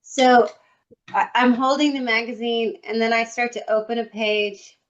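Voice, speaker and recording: Female co-host with a higher voice, comic storyteller acting out her thoughts, dull lo-fi call audio. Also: level tone, measured pace. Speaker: podcast co-host. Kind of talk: casual chat. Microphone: computer microphone on a video call.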